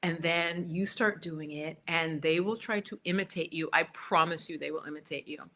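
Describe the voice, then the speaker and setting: A woman's voice: low-pitched, fairly even intonation, moderate pace, pushed and bright. A woman in her fifties, a yoga teacher, answering viewers in a chatty, encouraging live Q&A, repeating her points, recorded on a computer mic at home.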